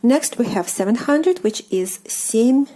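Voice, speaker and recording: A woman with a Russian accent, a native Russian speaker, teaching casually with many fillers and slow repetitions. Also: fairly high pitch, expressive, warm tone. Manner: hesitant, many fillers, repeats words slowly. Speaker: language teacher.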